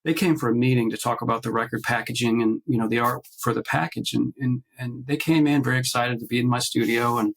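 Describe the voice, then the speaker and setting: A man speaking on a video call as a guest artist, telling stories haltingly with many fillers and restarts, acting out the voices of the people he quotes. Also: mid-range voice, steady tone, gravelly, rough recording. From based in Nashville. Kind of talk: casual interview storytelling.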